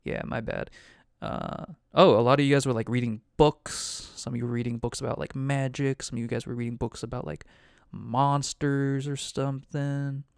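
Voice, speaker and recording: Male game master, gravelly yet resonant, dry close sound, loose rambling recap. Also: medium pitch, steady tone, moderate pace, dry recording. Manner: rambling, loose and profane, heavy on "like". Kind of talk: casual recap of a tabletop game.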